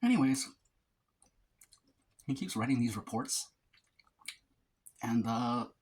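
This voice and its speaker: A mukbang vlogger with a medium-pitched, breathy voice and lively intonation tells a rambling story slowly between bites. He talks casually in slang, full of fillers and restarts.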